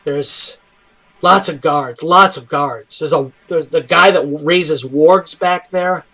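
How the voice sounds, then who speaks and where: A man's voice: fairly high pitch, slow, sharp tone, heavily acted. A man doing a rambling, desperate prisoner. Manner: rambling, hesitant, pleading. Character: weary, desperate human male prisoner.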